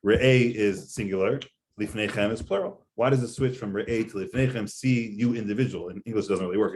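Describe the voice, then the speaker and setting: A man's voice: lowish voice, a little mellow, slight background noise. A man, a rabbi, giving a conversational Torah lecture, explaining earnestly with frequent fillers. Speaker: rabbi teaching a class.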